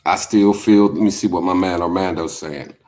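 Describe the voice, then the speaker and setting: A man's voice: low voice, steady tone, normal speed, darkish tone. A man hosting a livestream, chatting casually, telling stories and reading comments, laid-back and profane with lots of filler words. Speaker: livestream host.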